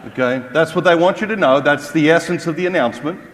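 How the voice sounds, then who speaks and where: A man's voice: on the high side, quick pace. Man giving a comic faith talk. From Australia. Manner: comic, mocking, rhetorical questions to the crowd. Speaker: Catholic speaker. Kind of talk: humorous motivational talk. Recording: long hall reverb.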